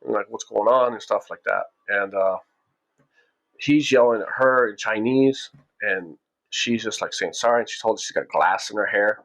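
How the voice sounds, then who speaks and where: A man's voice: fairly low pitch, normal speed, fairly bright tone. A man casually telling a story from his own past, rambling with frequent restarts and acting out what people said.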